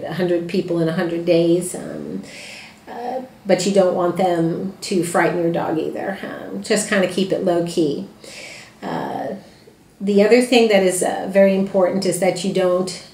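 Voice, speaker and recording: Lady dog trainer talking to puppy owners, kinda low voice, says uh a lot, roomy echo. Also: dark tone. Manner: plainspoken, many "uh" fillers and restarts. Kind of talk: informal talk to puppy owners.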